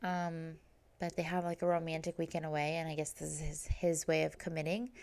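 A woman's voice: low-pitched, level tone, brisk, darkish tone. A woman hosting a podcast, recapping a reality TV season in casual chat, full of "like" and "um". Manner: chatty, fillers like "like" and "um". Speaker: podcast host.

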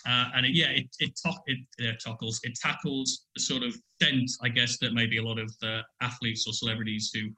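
Bright-voiced man talking music. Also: medium pitch, a little fast, hardly any pauses, poor audio. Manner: animated, rambling with restarts. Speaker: podcast guest, musician. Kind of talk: casual music discussion.

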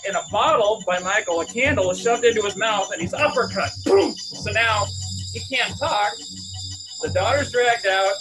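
A man on a podcast pitching a film scene, acting it out with shouted lines and sound effects. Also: moderate pace, over music. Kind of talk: animated story pitch.

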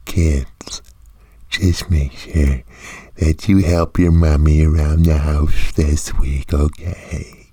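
A man playing a creepy male host of a children's show who talks to kids in a slow, hushed, sing-song way. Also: rumbling low, flat delivery, breathy edge, no echo, full character voice. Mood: eerie.

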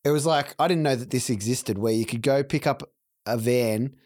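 A man's voice: medium pitch, moderate pace, a little mellow. A man in casual, sweary chat, often saying yeah. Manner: laid-back, swears often, many yeahs.

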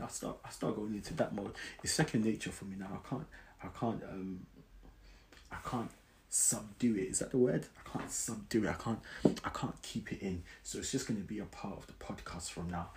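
A man's voice: lowish voice, normal speed. A man hosting his podcast in a casual motivational monologue, earnest and often repeating himself. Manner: earnest, repeats words and restarts. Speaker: podcast host. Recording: roomy echo with clear background noise.

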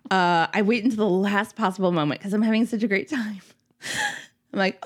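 Animated woman telling a comic story. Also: mid-range voice, brisk. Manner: animated, laughing, acts out her own panicked quotes.

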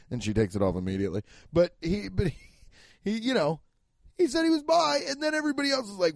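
A young man in his twenties or thirties, a comedian rambling through a profane, animated monologue with bursts of shouting. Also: high voice, brisk, creaky, no echo. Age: 20s to 30s.

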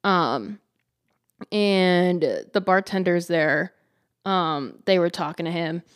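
A woman's voice: fairly low pitch, slow pace, smooth, no room sound, studio quality. A woman hosting her own podcast, telling a story in a chatty, giggly way with lots of "like" fillers and playful quoted voices. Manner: dramatizes with lively quoted voices. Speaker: podcast host. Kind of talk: casual storytelling.

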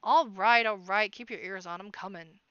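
A woman's voice: mid-range voice, normal speed, fairly bright tone, clear, resonant tone, dry recording, muffled recording, natural voice. Woman playing a grumbling burly rabbit guard. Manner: grumbling, flustered. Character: burly gruff male soldier rabbit guard.

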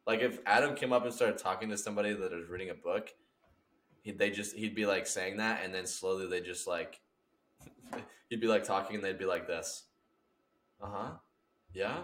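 A man's voice: deep voice, a little fast, a bit bright, a little hiss or hum. A young man in casual chat, rambling and acting out silly scenarios with lots of laughter. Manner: rambling, acts out bits, laughs a lot.

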